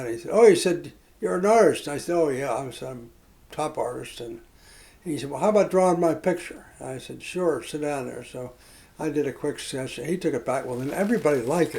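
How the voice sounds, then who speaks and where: An older man telling reflective personal stories in a rambling, halting way, with many fillers and restarts. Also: mid-range voice, creaky, darkish tone, poor audio. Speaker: interviewee. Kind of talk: reflective storytelling.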